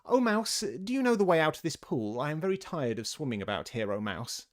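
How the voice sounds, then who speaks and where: A man's voice: medium pitch, very animated, fairly quick, voice pushed up, lightly acted. A man voicing a polite, curious young girl in a storybook reading, earnest and a little prim. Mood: hopeful.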